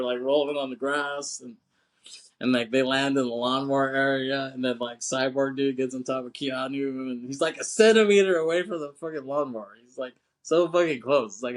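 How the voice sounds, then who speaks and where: A man's voice: mid-range voice, brisk. Man in rambling, profane podcast banter. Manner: rambling, profane, laughing often, acts out film lines. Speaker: podcast co-host. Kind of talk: casual film chat.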